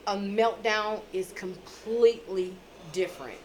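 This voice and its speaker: A middle-aged woman hosts a relaxed conversation, telling her stories with animated emphasis. Her voice sits at an ordinary middle pitch. A faint hiss runs underneath. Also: a little slow, poor audio. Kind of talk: casual chat.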